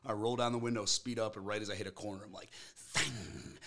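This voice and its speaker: A man's voice: lowish voice, fairly even intonation, racing, fairly bright tone. A man guesting on a comedy podcast, telling loose slangy stories in casual chat, calling everyone bro.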